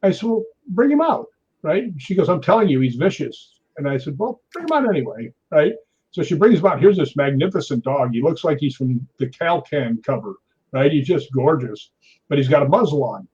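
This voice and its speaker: Appearing as a talk show guest, a man tells an animated story in a slightly high, husky voice, talking a little fast. He keeps checking in with his listener along the way, and the recording has a dull, lo-fi sound.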